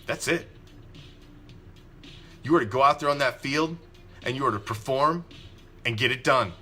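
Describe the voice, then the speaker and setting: A man's voice: mid-range voice, moderate pace, sharp tone, soft background music. Profane ranting male sports host. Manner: angry, profane, emphatic ranting with repetition. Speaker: host of a fan show. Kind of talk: ranting live sports commentary.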